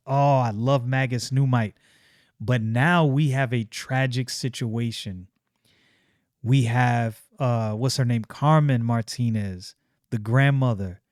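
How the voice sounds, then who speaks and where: A man's voice: medium pitch, a little mellow, dry recording, clean studio sound. A man casually reading a comic aloud, chatting and reacting as he goes. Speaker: comic reader and commentator.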